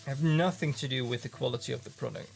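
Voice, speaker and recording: A man casually commenting in his studio as he looks at his handmade pigments, halting and restarting often. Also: mid-range voice, creaky, faint music behind. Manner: rambling, halting, many restarts. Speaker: pigment maker filming his studio work. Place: home studio.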